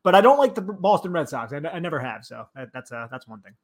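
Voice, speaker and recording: Easygoing male co-host, slightly high pitch, halting casual delivery. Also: big pitch swings. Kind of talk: casual sports talk.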